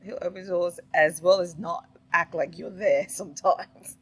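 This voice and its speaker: A woman's voice: lowish voice, steady tone, a little slow, rough recording. A middle-aged woman giving casual, opinionated reaction commentary, laughing and asking rhetorical questions. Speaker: commentary vlogger.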